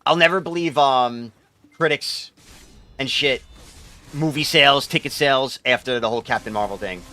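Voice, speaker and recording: A man's voice: mid-range voice, moderate pace, bright, forceful tone. A young man, a game streamer rambling casually and profanely while he answers his chat.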